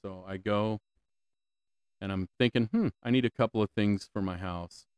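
A man's voice: on the low side, normal speed, a little mellow, clean tone, dry recording. A man hosting a solo podcast, ranting with lots of swearing, repeated questions and stammering restarts, on a close mic. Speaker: podcast host.

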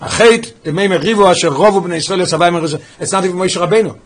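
A man leading a text study class, reading quickly from a Hebrew text and explaining it in English. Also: high-pitched. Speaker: Torah class teacher.

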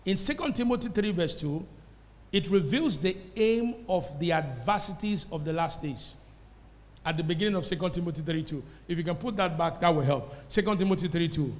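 A man's voice: on the high side, animated, fairly quick. A man preaching a sermon to a congregation, emphatic and calling for responses. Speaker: pastor. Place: church service before a congregation. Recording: echoey church hall.

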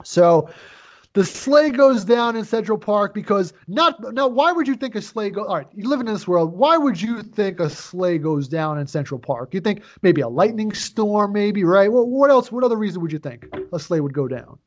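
This co-host's voice is high and expressive, moving at normal speed. Chatting casually about a movie on a podcast, he walks through the plot while cursing nonstop and rambling off on tangents.

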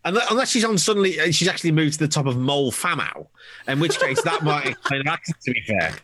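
Lively-voiced man in wry podcast chat. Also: a little high, quick pace, heavy background noise. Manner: wry, rambling, mock-exasperated. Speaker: podcast co-host. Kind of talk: casual chat.

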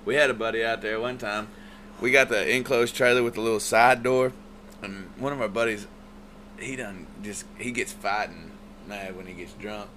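A man's voice: fairly low pitch, fairly even intonation, normal speed, a bit bright, slight background noise. A man, a musician guest telling laid-back, profane stories in casual chat.

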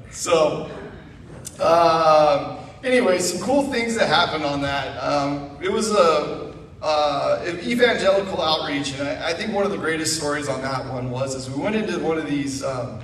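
A man's voice: a little high, echoey room, long reverb tail, recorded from a distance. A man from Idaho, a guest speaker, telling a funny personal story to a church congregation and acting out the voices in it. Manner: animated, self-mocking storyteller acting out quotes. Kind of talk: storytelling sermon. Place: church sanctuary.

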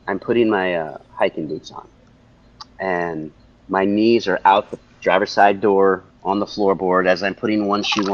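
A man guest in an interview, telling a personal story in an animated way and repeating phrases for emphasis. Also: sits low. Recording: dull lo-fi audio.

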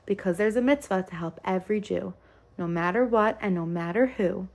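A woman's voice: mid-range voice, fairly quick, darkish tone, natural voice. A woman voicing an eager, helpful young boy who urges his brother on. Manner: eager, insistent.

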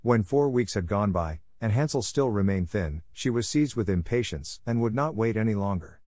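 A man narrating a fairy tale in a steady, measured storybook reading. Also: lowish voice, dry recording, clean studio sound.

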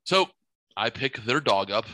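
A man telling a long story in a casual, profane and animated way, acting out his own reactions loudly. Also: mid-range voice, unhurried, no echo. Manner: animated, profane, theatrical retelling.

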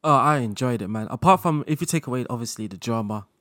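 A man speaking as a guest in a casual interview chat, relaxed, laughing often and talking in loose run-on sentences full of fillers. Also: medium pitch, fast, no room sound, clean studio sound. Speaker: guest content creator.

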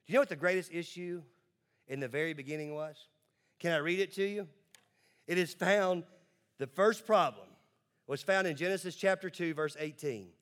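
A male pastor with a somewhat high voice delivers a sermon to a congregation. He is emphatic and switches between quick asides and slowly stretched words. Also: fairly bright tone.

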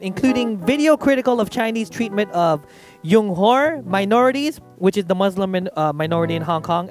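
A man co-hosting an improvised comedy stream, reading a news article in a laid-back way with some stumbles. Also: high voice. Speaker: comedy show co-host.

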